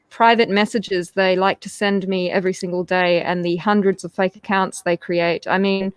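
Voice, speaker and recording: A woman's voice: medium pitch, clear, resonant tone. A woman with a mid-range voice speaks as a guest on a live stream. She is articulate, with a dry sardonic edge. Her voice sounds dry and close, with no room echo. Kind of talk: casual live-stream discussion.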